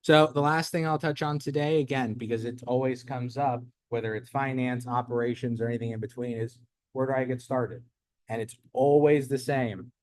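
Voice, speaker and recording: Energetic man giving a workshop talk. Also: medium pitch, moderate pace, dry recording. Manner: energetic storyteller, acts out quotes. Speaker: host. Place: event space.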